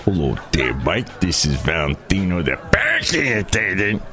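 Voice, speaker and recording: A man voicing a deadpan male parking attendant who supports a politician, talking slowly and flatly. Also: low-pitched, soft background music, voice pushed down, exaggerated voice.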